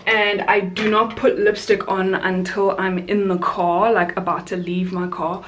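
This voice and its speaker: A young woman from South Africa chats away while doing her makeup, telling a story from work as a flight attendant. She talks in a casual, animated way. Her voice sits at an ordinary middle pitch. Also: unhurried. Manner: chatty, animated storyteller, rising high for quoted voices.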